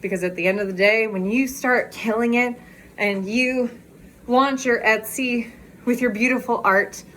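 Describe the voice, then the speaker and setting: A woman's voice: fairly high pitch, measured pace, a little hiss or hum. Breathless, laughing woman vlogging on a walk. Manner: bubbly, laughs often, excitable. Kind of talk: walking vlog chat. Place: outdoors on a walk. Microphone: phone.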